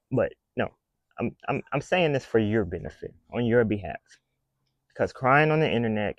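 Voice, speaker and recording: A man's voice: on the low side, animated, moderate pace, dry recording, dull audio. A man talking to camera in a casual commentary rant, blunt, emphatic and scolding. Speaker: vlogger.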